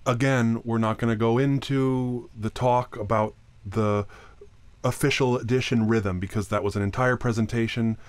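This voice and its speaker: A man's voice: medium pitch, fairly even intonation, normal speed, clean tone, dry recording. A man giving a recorded lecture on chant. He explains plainly, often restarts his sentences, and now and then sings short examples. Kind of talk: recorded talk.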